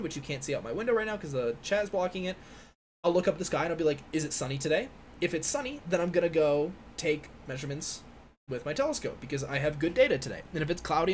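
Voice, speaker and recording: A man in his twenties from the United States, a physics PhD student, hosts a casual live-stream Q&A and reads chat questions aloud. His voice is a little high, with a slight hiss or hum on the recording. He rambles, full of fillers and restarts, from an indoor room with a window.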